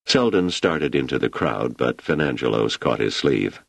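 A man reading a story aloud in a steady, measured voice as an audiobook narrator, recorded on a close microphone. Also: a bass voice, creaky, breathy edge, no echo. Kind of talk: scripted narration.

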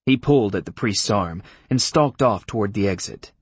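A man's voice: fairly low pitch, animated, moderate pace, hardly any pauses, breathy edge, dry recording. A man narrating a first-person audiobook in a dry, wry tone.

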